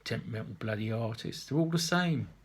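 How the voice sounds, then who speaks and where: A man's voice: mid-range voice, animated, brisk, husky. A man reading a story aloud and voicing a lonely, chatty elderly widower who rambles on. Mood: grumbling. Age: older.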